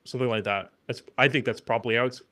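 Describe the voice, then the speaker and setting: A man co-hosting a podcast, explaining things in a relaxed, matter-of-fact way. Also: mid-range voice, racing, dry recording. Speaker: podcast co-host. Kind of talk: casual explaining.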